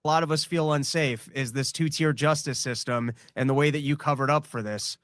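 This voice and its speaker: A man giving pointed political criticism in casual chat, with halting starts. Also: on the high side, steady tone, a bit bright, dry recording, clean studio sound.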